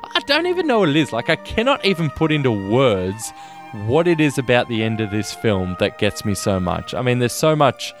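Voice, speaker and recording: A man co-hosting a podcast, talking about a film in an earnest, halting way with many restarts. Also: medium pitch, wildly swooping pitch, faint music behind. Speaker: podcast co-host. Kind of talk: casual film discussion.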